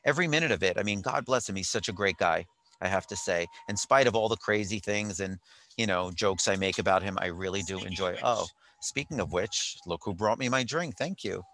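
A man's voice: on the low side, fairly quick, bright, forceful tone. A man telling a rambling story in casual chat, with wry jokes, from a hotel while on vacation. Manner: chatty, rambling, wry asides.

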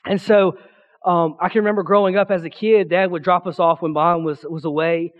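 A young man preaching from the pulpit of a church, with a slightly raised pitch. He is loud and excitable. He rambles with restarts and throws himself into the voices of his stories. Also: a little fast, lo-fi sound. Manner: chatty storytelling with restarts, acting out quotes. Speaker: youth pastor. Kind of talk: sermon. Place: church sanctuary.

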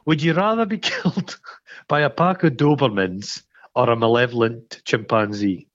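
A Scottish man co-hosting a podcast, chatting casually about a film with sweary, animated storytelling. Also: mid-range voice, moderate pace. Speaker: podcast co-host. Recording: dull lo-fi sound.

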